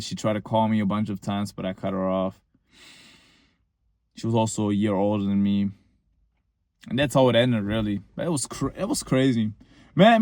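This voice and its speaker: A man's voice: fairly low pitch, a little mellow, dry recording, studio quality. A young man telling a personal story in a casual, rambling monologue, full of fillers and short laughs.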